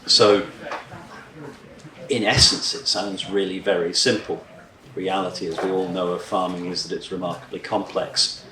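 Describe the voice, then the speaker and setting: A man, a farmer, giving a measured talk at a conference. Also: sits low, flat delivery, pushed and bright. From Scotland. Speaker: farmer speaker. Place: conference room. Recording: echoey hall, distant mic.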